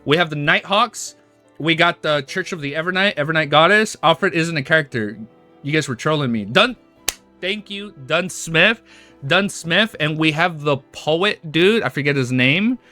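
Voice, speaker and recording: A young man chatting on a live stream, excitable and restless, tripping over his words as he talks to his viewers. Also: a little high, moderate pace, faint music behind. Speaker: streamer reading and reacting to a web novel. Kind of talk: casual live-stream chat.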